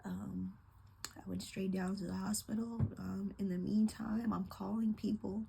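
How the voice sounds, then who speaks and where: Gravelly, halting woman near tears. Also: mid-range voice, little pitch movement. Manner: soft-spoken, halting, many ums and likes. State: holding back tears. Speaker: teacher. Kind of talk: personal testimony.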